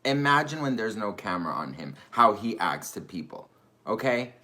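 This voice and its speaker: A man's voice: lowish voice, very animated, normal speed, sharp tone. A man making an indignant video, firing off rhetorical questions and repeating his points. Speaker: YouTuber defending himself.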